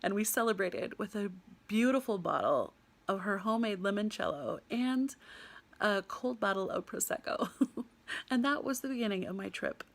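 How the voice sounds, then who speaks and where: A young American woman telling a personal travel story in an animated way, laughing often and mimicking the people she met. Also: mid-range voice, normal speed, gravelly. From United States.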